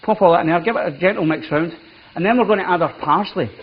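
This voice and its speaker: A man's voice: high-pitched, quick pace. A man, a chef walking through a cooking demonstration in a chatty, instructive way. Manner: chatty, instructive, says "wee" often. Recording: dull lo-fi TV audio.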